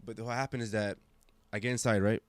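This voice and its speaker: Guest, young man from Germany, lowish voice, animated and emphatic, dry close mic. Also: a little fast, dry recording. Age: 20s. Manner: animated, emphatic, acts out quoted voices, frequent restarts. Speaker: podcast guest. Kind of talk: casual storytelling conversation.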